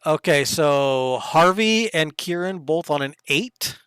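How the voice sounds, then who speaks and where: Smooth-voiced man running a tabletop game. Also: fairly high pitch, animated, dry recording, studio quality. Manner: casual, quick asides while running the game software. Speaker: game master. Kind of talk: narrating a tabletop game over voice chat.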